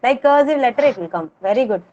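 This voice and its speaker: A kindergarten teacher, running an online class and patiently repeating words for the children to echo. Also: female voice, sits high, expressive, rapid-fire, muffled recording, background noise. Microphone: video call.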